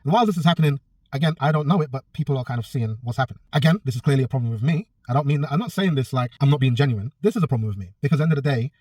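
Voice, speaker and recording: A man's voice: medium pitch, expressive, very fast, a little mellow, dry recording, far from the mic. A man, a personal trainer telling a story in a casual vlog, blunt and swearing freely. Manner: blunt, swears a lot, acts out both sides of a quarrel.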